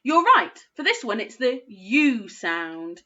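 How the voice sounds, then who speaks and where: A woman teaching a phonics lesson to young children, sounding out words slowly and praising often. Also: fairly high pitch, big pitch swings, pushed and bright, highs cut off. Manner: slow, sing-song sounding out of words, encouraging. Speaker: primary school phonics teacher.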